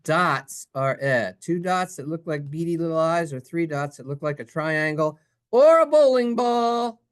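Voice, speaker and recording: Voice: mid-range voice, fairly even intonation, moderate pace, a bit bright, clear, resonant tone. A Hebrew teacher leading a playful, sing-song classroom reading lesson and acting out the letter sounds. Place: synagogue classroom.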